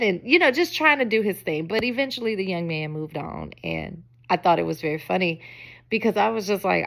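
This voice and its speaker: A woman's voice: medium pitch, big pitch swings, normal speed, vocal fry, fairly bright tone. A woman in her forties, a podcast host chatting in a casual storytelling monologue, emphatic and often laughing. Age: 40s.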